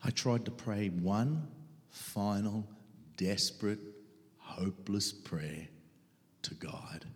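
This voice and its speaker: A middle-aged man preaching his testimony dramatically, swinging between loud outbursts and hushed whispers. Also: lowish voice, slow, long pauses. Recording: long reverb of a large hall.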